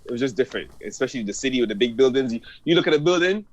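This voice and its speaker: A man's voice: mid-range voice, animated, rapid-fire, no echo, highs cut off. A man in casual podcast chat, talking in an easygoing, reflective way. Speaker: podcast guest.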